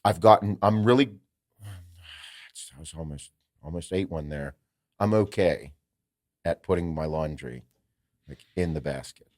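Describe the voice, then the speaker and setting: A man's voice: low voice, measured pace, long pauses, a little mellow, no room sound, studio quality. A man co-hosting a podcast in casual chat, joking and rambling with plenty of profanity. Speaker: podcast co-host.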